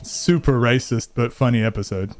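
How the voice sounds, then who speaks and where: A man's voice: mid-range voice, moderate pace, soft background music. A young man streaming a game late at night, chatting casually with his viewers, rambling and joking, swearing freely, and sounding a bit tired. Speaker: gaming streamer. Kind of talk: casual live-stream chat.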